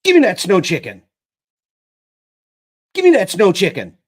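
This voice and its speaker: A man voicing an eager young boy alone in the wild, shouting with excitement. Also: sits high, slow, pitched above the performer's own voice, heavily acted. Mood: demanding.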